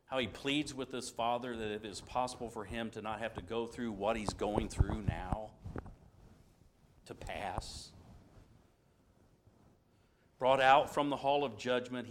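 A man teaching an informal Bible lesson, retelling the scene in a conversational way with restarts and asides, moving between loud passages and hushed ones. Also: medium pitch.

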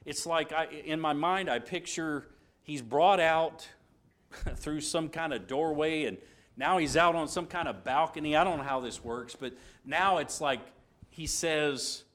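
A man teaching an informal Bible lesson, retelling the scene in a conversational way with restarts and asides, moving between loud passages and hushed ones. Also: a little high, measured pace.

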